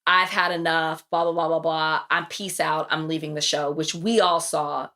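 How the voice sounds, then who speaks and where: Woman podcast host, casual recap chat, slightly low voice, animated storytelling. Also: normal speed. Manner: animated storytelling, acts out quotes with big pitch jumps.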